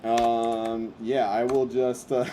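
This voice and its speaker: A man's voice: medium pitch, flat delivery, slow pace, mellow, slight background noise. A man hosting a casual livestream meetup, wrapping up in a loose, rambling way with lots of fillers and slang. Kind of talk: casual livestream wrap-up chat.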